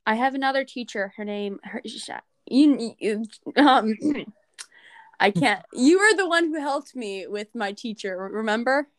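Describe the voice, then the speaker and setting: A teenage girl in casual chat, telling animated stories with laughter. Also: on the high side, measured pace, no room sound. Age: teens. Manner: chatty, animated, laughing storyteller.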